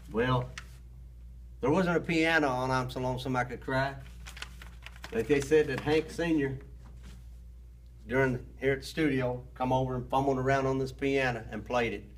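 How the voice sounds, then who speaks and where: A singer-songwriter speaking slowly and earnestly to the camera from an indoor recording studio. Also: male voice, mid-range voice, slight background noise. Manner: slow, earnest, reverent talk. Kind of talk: casual spoken intro to camera. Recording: loud piano music in the studio.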